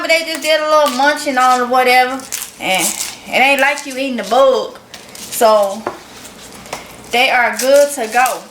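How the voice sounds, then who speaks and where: Southern woman vlogger with a Mississippi accent, higher voice, unhurried folksy chat, echoey room. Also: a bit bright, slight background noise. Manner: chatty, folksy, addresses viewers as y'all. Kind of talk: casual cooking vlog.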